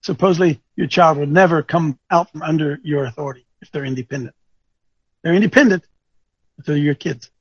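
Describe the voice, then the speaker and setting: A man coaching an audience, speaking in an animated, teasing way that quizzes listeners with questions and thinks aloud. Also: a little high, fairly quick, slightly rough, no room sound, muffled recording. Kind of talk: lecturing talk with rhetorical questions.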